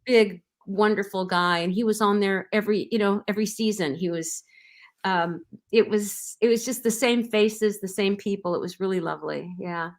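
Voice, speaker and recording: Woman, middle-aged, actress guest, rambling anecdotes, fillers and restarts, mid pitch. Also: normal speed. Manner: warm, rambling storyteller with many fillers and restarts. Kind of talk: casual interview anecdotes.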